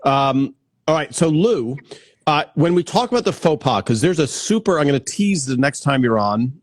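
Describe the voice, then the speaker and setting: A man hosting a casual interview over a video call, with quick asides and easy laughs. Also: fairly high pitch, very animated, no echo. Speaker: host.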